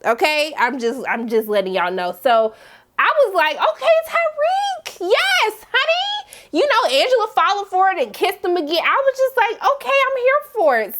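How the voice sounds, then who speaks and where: A woman giving a sassy, dramatic TV episode recap in casual slang, acting out characters' lines. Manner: sassy, dramatic, voices characters with big pitch jumps. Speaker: TV recap vlogger.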